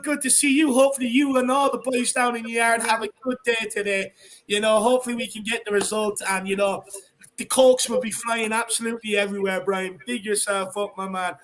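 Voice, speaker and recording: This is an Irish man with a remarkably high voice for a man, hosting a casual fan livestream. He is upbeat and chatty, and he greets viewers one by one with local slang. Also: a bit bright.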